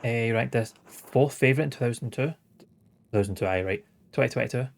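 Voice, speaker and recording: A man's voice: medium pitch, fast, gravelly. Wry sweary man gaming. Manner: sweary, wry, chuckling asides. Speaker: streamer. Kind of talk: casual let's-play commentary, reading game dialogue aloud.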